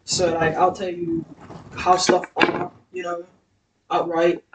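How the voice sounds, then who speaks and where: A woman's voice: lowish voice, steady tone, slow pace, vocal fry, heavy background noise. Young woman, roomy and a bit distant. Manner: candid, laughs often, slips into her friends' voices when quoting. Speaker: podcast co-host. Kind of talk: casual storytelling chat. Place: room with ring light, podcast set. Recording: echoey room, set back from the mic.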